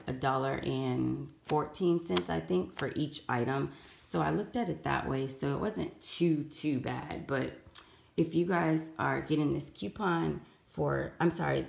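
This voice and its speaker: A woman with a hoarse, raspy morning voice, chatting casually through her shopping receipt math in a vlog. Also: very deep voice. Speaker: couponing vlogger. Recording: echoey room.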